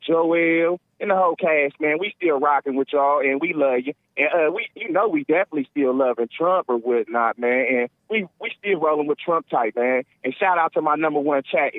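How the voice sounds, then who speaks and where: A man's voice: on the high side, no echo. Rambling man calling in on a tinny phone line. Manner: rambling, slangy, playfully teasing. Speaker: caller. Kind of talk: casual call-in chat.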